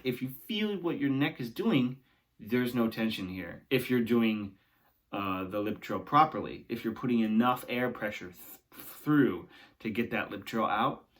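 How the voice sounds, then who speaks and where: A young male singing teacher with a mid-range voice and measured pace leads a guided vocal warm-up. He's encouraging, talks his students through the exercises as they go, and often ends lines with "right?".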